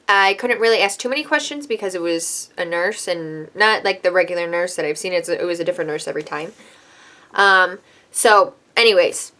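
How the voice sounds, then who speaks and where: A woman's voice: lowish voice, fairly bright tone, clear, resonant tone. A woman in her twenties, a hairstylist, telling a personal story in a candid, emotional, chatty vlog style.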